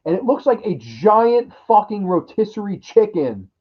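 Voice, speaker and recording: A man's voice: high voice, big pitch swings, moderate pace, breathy edge. A man ranting through a crude, exasperated horror movie review, mocking the characters in put-on voices. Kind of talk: profane ranting film review. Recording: dull lo-fi audio.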